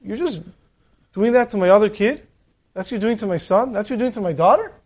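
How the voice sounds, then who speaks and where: A man's voice: high voice, lively intonation, fast talker. A man voicing God as a hurt father. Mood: reproachful. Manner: reproachful.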